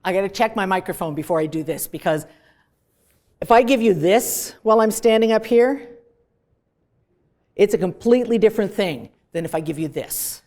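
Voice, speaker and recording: A woman professor with a Canadian accent lecturing a class in a classroom, lively and emphatic, stressing words for effect. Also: medium pitch, normal speed, long pauses.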